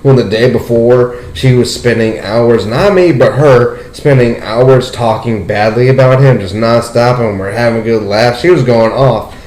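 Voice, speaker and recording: Animated young man telling a story. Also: normal speed, hardly any pauses. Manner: animated storytelling, leaps up in pitch when excited, peppered with "like" and "dude". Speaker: podcast host. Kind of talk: casual podcast chat. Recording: roomy echo.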